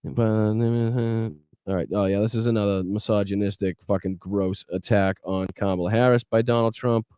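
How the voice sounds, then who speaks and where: A man's voice: on the low side, steady tone, fairly quick, dark tone, smooth, no echo, studio quality. A man hosting a political podcast livestream, talking bluntly and profanely while reacting to clips and greeting chat. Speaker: podcast host.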